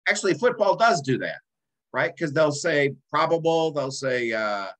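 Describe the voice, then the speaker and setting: A man's voice: on the high side, very animated, moderate pace, fairly bright tone, poor audio. Rambling man in his sixties. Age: 60s. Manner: rambling, many ums and uhs, self-interrupting. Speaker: podcast co-host. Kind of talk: casual chat.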